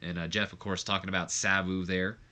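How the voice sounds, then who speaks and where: A man's voice: sits low, little pitch movement, brisk, pushed and bright. A young man casually narrating a game, rambling with lots of fillers and restarts. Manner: rambling, many fillers and restarts, says like a lot. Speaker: let's play commentator.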